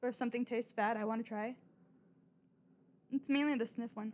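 Blunt, rambling young woman with a bright voice. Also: a little high, steady tone, brisk, pauses often. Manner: rambling, blunt, frequent swearing and self-mockery. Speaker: podcast host. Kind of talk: casual confessional monologue.

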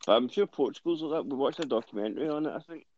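A man's voice: mid-range voice, rapid-fire, highs cut off, slight background noise. A Scottish man co-hosting a casual podcast, chatting and joking. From Scotland. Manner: jokey, chatty, lively. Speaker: podcast co-host.

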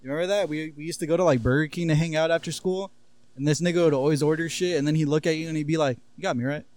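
A young man casually telling profane, laughing high school stories on a podcast and acting out what people said. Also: fairly even intonation, very fast, darkish tone. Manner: profane, laughing storyteller who acts out quotes. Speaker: podcast co-host. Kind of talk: casual storytelling chat.

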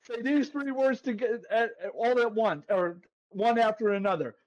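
A man co-hosting a sports betting podcast, brash and playful, who keeps calling people "baby" as he pitches his picks. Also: moderate pace, muffled recording. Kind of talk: hyped-up betting picks chat.

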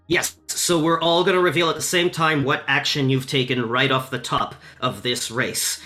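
A man's voice: a little high, steady tone, normal speed, pushed and bright. A man narrating as game master of a tabletop game, casual with many fillers. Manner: casual, lots of fillers, laughs easily.

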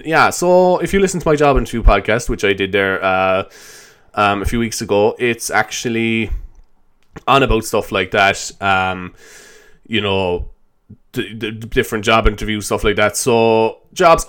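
A man's voice: lowish voice, a bit bright, clear, resonant tone. A young man hosting a solo podcast, rambling loosely, swearing and laughing as he talks. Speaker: podcast host. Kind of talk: solo improvised podcast chat.

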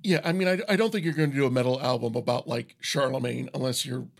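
A man's voice: mid-range voice, fast talker, vocal fry. A man co-hosting a casual podcast chat, talking loosely with lots of filler words and frequent laughter. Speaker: podcast co-host. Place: recording studio.

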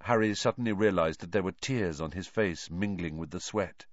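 A man reading a novel aloud as an audiobook narrator, with expressive delivery. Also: low-pitched, moderate pace, no echo, highs cut off.

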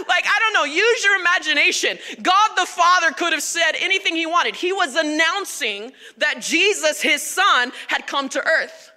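Woman pastor, high voice, very bright tone, lively conversational sermon, long hall reverb. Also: normal speed. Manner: animated, emphatic, conversational.

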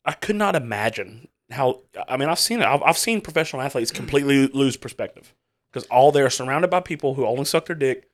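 A man hosting a casual podcast chat, rambling through a story with restarts and asides. His voice sits in an ordinary middle pitch. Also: expressive, fairly quick. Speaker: podcast host.

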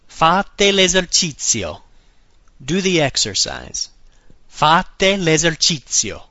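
A man teaching a language lesson at a slow, deliberate pace, repeating each phrase clearly for his listeners. His pitch climbs and dips a lot as he drills the words, with the odd dry aside. The recording sounds dry and slightly muffled. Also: sing-song, fairly bright tone, dry recording.

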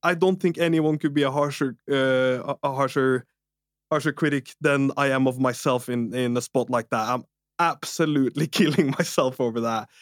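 A man co-hosting a podcast, telling an anecdote in a lively, laughing way. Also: mid-range voice, normal speed, no room sound, clean studio sound. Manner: animated, laughs through his own story. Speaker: podcast co-host. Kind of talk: casual podcast storytelling.

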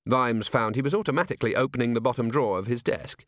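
A man narrating an audiobook with expressive, dry comic timing. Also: mid-range voice, fast talker, hardly any pauses, dry recording.

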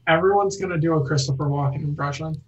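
A man's voice: a little high, fast talker, recorded from a distance, highs cut off, background noise. A man co-hosting a podcast, teasing the others and steering the casual chat. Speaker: podcast co-host.

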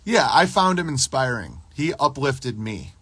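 Husky-voiced man in a profane rambling rant. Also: medium pitch, very animated, unhurried, fairly bright tone, no room sound. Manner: crude, profane, rambling, boastful. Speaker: podcast host reading live chat. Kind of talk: casual livestream rant.

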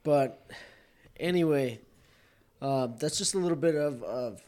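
A man's voice: on the high side, measured pace, dark tone. A man hosting a casual, profane chat, laughing easily and steering toward questions for listeners. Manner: laid-back, laughing, profane.

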